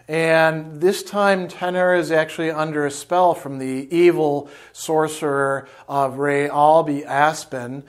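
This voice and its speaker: A man with a slightly high voice reads a novel aloud and stops to comment on it. He pauses often with fillers as he gathers his thoughts. The manner is that of a tutor's lecture. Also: steady tone. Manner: halting, with frequent fillers. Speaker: philosophy tutor.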